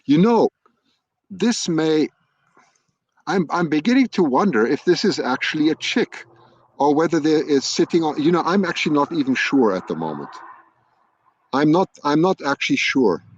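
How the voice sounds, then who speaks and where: Live from a hilltop, this wildlife streamer talks at a normal speed with lively intonation and long pauses, frequently restarting as he thinks aloud. His voice is fairly high, and the external laptop microphone gives a lo-fi sound.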